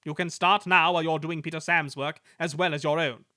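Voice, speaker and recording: A man's voice: on the high side, fairly even intonation, a little fast, sharp tone, no echo, clean studio sound, pitched above the performer's own voice. A man voicing a stern but kindly male railway controller in a storybook reading, firm in manner.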